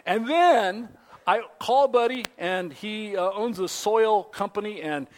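A high-voiced man delivers a sermon as a folksy, rambling story. He talks casually to his listeners and fills the gaps with plenty of fillers and restarts. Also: animated, slow. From Pacific Northwest. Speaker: pastor.

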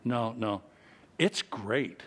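A middle-aged man preaching a sermon, telling a childhood story in an animated way, swinging from loud to quiet. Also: medium pitch, very slow, breathy edge. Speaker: pastor.

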